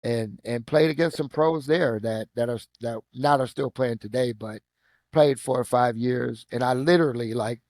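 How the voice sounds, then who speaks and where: A middle-aged man with a Midwestern American accent shares football stories as a podcast guest, speaking at a medium pitch. He is an animated storyteller, and the recording is dry and close. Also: normal speed, no room sound. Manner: animated storyteller, acts out quotes with rising pitch. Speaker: guest, former football player and coach. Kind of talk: casual storytelling interview.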